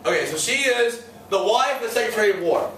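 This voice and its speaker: Guy teacher lecturing, sarcastic jokes, high-ish voice, recorded from far back in an echoey classroom. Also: lively intonation, quick pace, fairly bright tone, slight background noise. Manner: joking, sarcastic, quizzes students. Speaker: history teacher. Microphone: far room mic.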